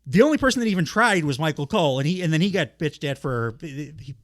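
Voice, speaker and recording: A man co-hosting a podcast in casual chat, animated and laughing often, swearing freely. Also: a little high, fast talker, no room sound, clean studio sound. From United States. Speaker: podcast co-host.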